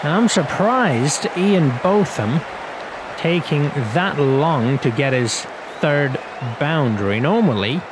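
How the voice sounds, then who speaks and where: A young man with a fairly high voice talks through a cricket video game in a chatty, self-mocking way, laughing often. The roar of a stadium crowd and steady noise sit clearly behind him. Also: slow. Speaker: gaming commentator. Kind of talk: casual commentary over a cricket video game.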